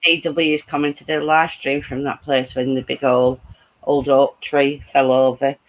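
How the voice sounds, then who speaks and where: A woman's voice: a bass voice, flat delivery, unhurried. A middle-aged woman, chatting casually, blunt and laughing through her stories. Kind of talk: casual chat, storytelling.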